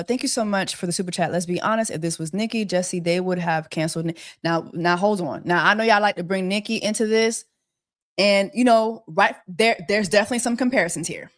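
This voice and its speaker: A woman hosting a celebrity gossip livestream, talking casually and exasperated, firing off repeated rhetorical questions and mocking with quacking bird jokes. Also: on the low side.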